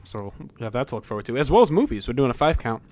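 Ranting, animated man with a dry sound. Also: mid-range voice, very fast, no room sound. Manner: ranting, swearing, jokey. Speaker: podcast co-host. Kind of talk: casual comedic chat.

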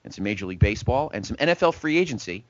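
A man hosts a sports talk show, chatting casually and rambling from topic to topic. His voice sits low but swings a lot in pitch. The recording is dry and a bit dull, lo-fi. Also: rapid-fire, no room sound. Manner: rambling, lively, joking. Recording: dull, lo-fi podcast audio.

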